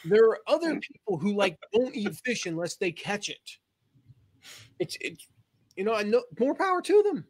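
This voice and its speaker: A man's voice: sits high, sing-song, normal speed. A man hosting a casual webinar, rambling with lots of fillers and laughing at himself. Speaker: host.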